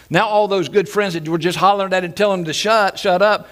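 A man preaching a Sunday sermon, his voice sitting a little high for a man. He repeats key phrases and bursts into acted shouts when he quotes. It sounds like a live church service. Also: brisk, hardly any pauses. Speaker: pastor. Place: church sanctuary.

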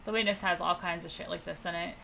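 A young woman streams a puzzle game, casually thinking aloud and trading sarcastic jokes with her chat. Her voice is lowish, steady and creaky, and she talks fast.

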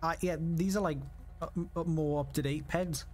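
Man, higher-pitched, excitable and rambling in gaming chat, faint noise behind. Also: moderate pace. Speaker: roleplay streamer.

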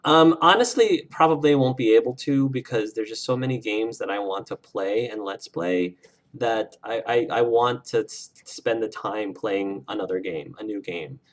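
Male game streamer, lowish voice, casual and effusive, wears his feelings on his sleeve. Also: moderate pace. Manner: effusive and emotional, gushing about the game. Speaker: let's play streamer. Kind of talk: casual livestream chat with viewers.

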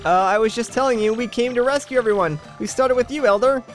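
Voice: mid-range voice, fast talker, faint music behind, pitched above the performer's own voice, natural voice. An earnest young male tree-creature speaks up eagerly, as a man reads his video game lines. He sounds keen to prove himself. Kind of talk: Let's Play dialogue reading.

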